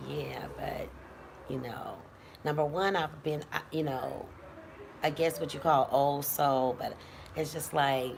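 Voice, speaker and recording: A woman's voice: extremely low pitch, noisy background. A woman in her fifties chatting casually at home, blunt and profane as she rambles. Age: 50s. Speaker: vlogger. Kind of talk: casual chat. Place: at home indoors.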